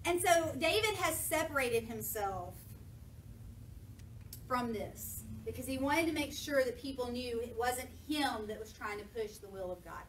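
A woman preaching a lively sermon, retelling scripture casually and acting out the voices of people in it. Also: on the high side. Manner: lively, jokey, acts out voices of people in the story. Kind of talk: sermon with playful paraphrase. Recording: echoey church from a distance, faint noise.

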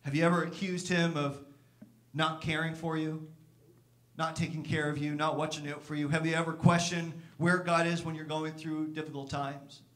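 A man's voice: flat delivery, moderate pace, a bit bright. A pastor preaching a sermon in church, earnest, sometimes acting out the complaints of the people he speaks about. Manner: earnest, acts out Martha's complaints with raised pitch.

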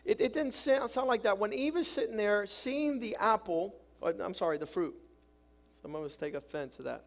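A man's voice: high-pitched, moderate pace. A man preaching a sermon as pastor, acting out quotes with drama and often repeating his words.

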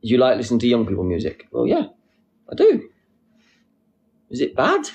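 A young man hosting a casual live stream, reading out comments with a playful, silly manner and sudden squeaky jokes. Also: wildly swooping pitch, normal speed, vocal fry, a little mellow, dull audio. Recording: faint background noise.

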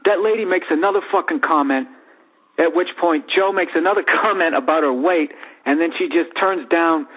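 Profane storytelling man, tinny sound. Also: fairly high pitch. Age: 40s. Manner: profane, animated, acts out voices in the story. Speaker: podcast host. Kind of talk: comedic storytelling monologue.

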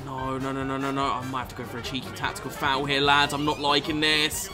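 A young man giving sweary, excitable commentary over his own gameplay, swinging from mutters to shouts. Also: medium pitch, quick pace. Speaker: gaming YouTuber. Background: background music.

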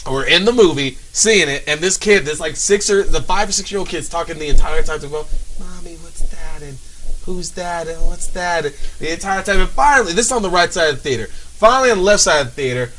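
Bright-voiced young man ranting, exasperated. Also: fairly high pitch, expressive, quick pace, hardly any pauses, slight background noise, poor audio. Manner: exasperated, profane, mimics people in put-on voices. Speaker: show guest ranting. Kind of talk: casual comedic rant.

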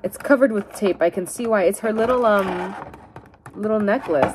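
Young woman vlogger, casual unboxing chat, cutesy and gushing, lively pitch swings. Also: normal speed, slight background noise. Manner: bubbly, cutesy baby talk, swings between squeals and mumbles.

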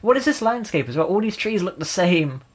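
A man's voice: sits high, sing-song, brisk. A man in his twenties giving sarcastic, jokey let's-play gaming commentary and laughing often. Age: 20s. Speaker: gaming channel host.

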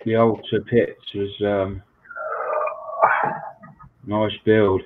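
A man's voice: on the low side, flat delivery, extremely slow, noisy background. Man chatting over a tinny call. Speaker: guest on a live stream. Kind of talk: casual chat. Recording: tinny phone-like video call.

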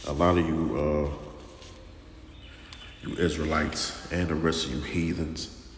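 A man preaching informally and sternly, talking slowly with lots of repetition and restarts. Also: very deep voice, level tone. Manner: slow and drawn-out, repeats himself, calls listeners "man", stern. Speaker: religious teacher. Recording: echoey room with long reverb and faint noise.

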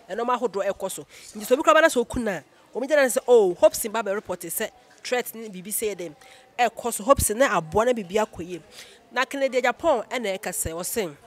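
A man hosting a casual political chat, talking quickly and prodding his co-host with questions. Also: high-pitched, a bit bright.

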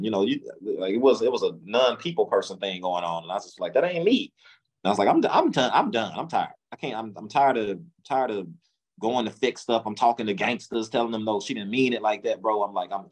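A man's voice: fairly low pitch, breathy edge, rough recording. A man, talking candidly in an interview and acting out what people said to him. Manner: casual, drawling, acts out past dialogue. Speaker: interview guest. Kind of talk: candid storytelling.

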